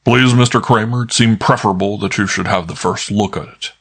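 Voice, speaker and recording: A man's voice: fairly low pitch, brisk, slightly rough. A man voicing an authoritative older male detective in an audiobook, formal and precise. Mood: commanding. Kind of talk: audiobook character voice.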